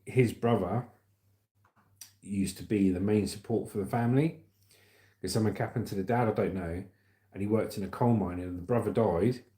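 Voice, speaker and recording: Man, southern English accent, chatty livestream news host, mellow tone, echoey room. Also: fairly low pitch. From England. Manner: chatty, laughs often, addresses viewers as mate. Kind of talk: casual chat and news reading.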